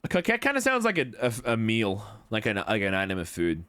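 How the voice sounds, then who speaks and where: A man's voice: lowish voice, huge pitch swings, a little fast, bright, forceful tone. A young man chatting casually on a livestream, rambling, swearing now and then, and answering chat messages. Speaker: streamer.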